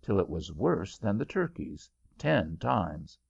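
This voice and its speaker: A man narrating a children's storybook aloud in an audiobook, with a slow, lively delivery. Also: low-pitched, gravelly, husky. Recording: dull lo-fi audiobook recording.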